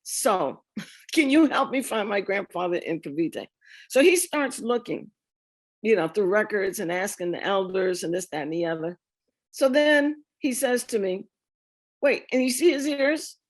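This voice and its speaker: A middle-aged woman telling her family history to an audience, lively and laughing often as she acts out the conversations. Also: medium pitch, a little slow. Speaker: speaker sharing a family memoir. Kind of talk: storytelling talk with slides.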